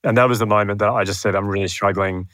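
Aussie guy on a podcast, low voice, dead dry room, earnest and a bit self-deprecating, tells it like a story. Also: fairly even intonation, fast talker, fairly bright tone, no room sound. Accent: Australian. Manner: earnest, self-deprecating, acts out his own past thoughts. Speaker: podcast guest. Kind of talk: candid storytelling in conversation. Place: room near his home.

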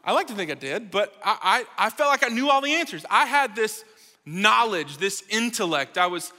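A man giving a playful, lively sermon to a live audience, joking and talking straight to the crowd. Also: high-pitched, normal speed. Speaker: speaker at a college ministry gathering. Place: large hall with live audience. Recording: reverberant hall.

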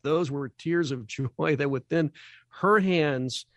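A man appearing as a charity guest on a radio talk show, speaking earnestly over a video call and slowing down to stress key phrases. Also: on the high side.

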